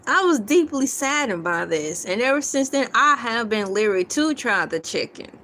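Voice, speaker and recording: This livestream host is giggly and playful, laughing frequently and reading viewer comments aloud. Her fairly high voice swings widely in pitch and sounds pushed and bright at a moderate pace, with slight background noise.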